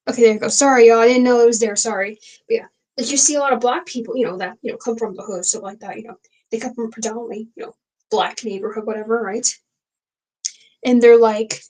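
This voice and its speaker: A woman's voice: on the high side, steady tone, fast talker, darkish tone, rough recording. A young woman hosting a casual late-night livestream, talking frankly and rambling with many fillers and restarts. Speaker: livestream host.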